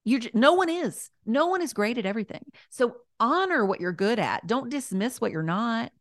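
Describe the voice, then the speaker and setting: A woman, a guest author, chatting casually and warmly, repeating her key points as she gives encouraging advice. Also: on the high side, lively intonation, moderate pace, no echo, clean studio sound.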